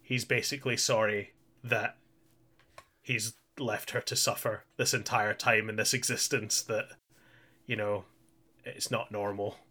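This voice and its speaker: A man's voice: fairly low pitch, steady tone, unhurried, bright, forceful tone. A man co-hosting a podcast, casually recapping an anime in a chatty way with frequent laughs and restarts. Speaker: podcast co-host.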